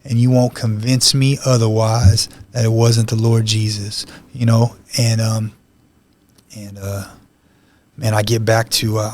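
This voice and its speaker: A man's voice: lowish voice, level tone, unhurried, a little mellow. A man, a podcast guest, telling his life story in an earnest, conversational way with many "you know" asides. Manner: emotional, heartfelt retelling. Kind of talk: personal testimony storytelling.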